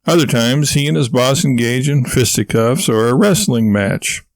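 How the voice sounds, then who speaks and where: A man's voice: medium pitch, animated, normal speed, gravelly, no echo. Man reading a comic novel aloud. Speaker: audiobook narrator. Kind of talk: scripted narration.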